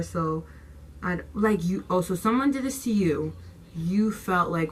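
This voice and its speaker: A woman's voice: lowish voice, a little slow, a little hiss or hum, rough recording. A young woman vlogger telling a storytime tale in slangy, casual talk, swearing freely and acting out what people said. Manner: animated, slangy, swears freely, acts out quotes.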